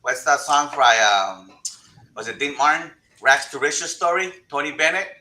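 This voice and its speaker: A man's voice: on the high side, expressive, moderate pace, a loud crowd, rough recording. A middle-aged man with a heavy Mexican-American accent, speaking earnestly on a panel and often adding "right?". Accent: Mexican-American Spanish-influenced. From Eastern Coachella Valley, California. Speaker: assistant director of planning and building. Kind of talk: panel discussion.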